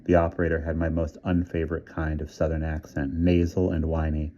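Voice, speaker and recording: A man with a low, deep voice reads a novel aloud in a calm, measured way. His tone is very dark and mellow. The recording is muffled and lo-fi. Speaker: audiobook reader. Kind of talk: scripted narration.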